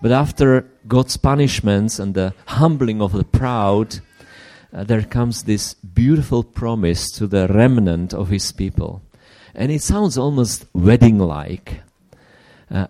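Slow, low-voiced preacher man. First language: not English. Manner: unhurried, earnest, with frequent restarts and hushed asides. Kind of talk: sermon.

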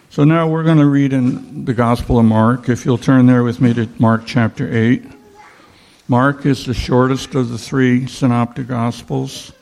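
A man teaching a Bible study in a slow, reflective way, pausing with fillers as he reads and explains scripture. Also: medium pitch, vocal fry, a little mellow.

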